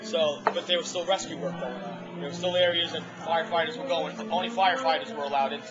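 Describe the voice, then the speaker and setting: A man with a fairly high voice tells his story over dinner, animated and acting out the people he quotes. The audio is dull and lo-fi, and loud restaurant music plays behind him. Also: fast talker. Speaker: former ambulance responder telling his story. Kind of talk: casual storytelling to a small group.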